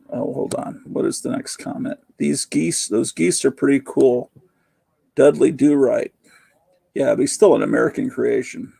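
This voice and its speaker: A man's voice: mid-range voice, creaky, mellow, slightly rough, no room sound. A man hosting a live-stream chat, rambling and reading viewer comments aloud. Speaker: host.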